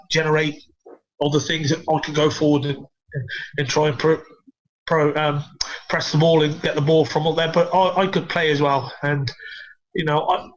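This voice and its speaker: High-voiced man swearing through stories. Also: highs cut off. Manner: swears a lot, laughs loudly while telling stories. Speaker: podcast guest, former footballer. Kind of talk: casual anecdote telling.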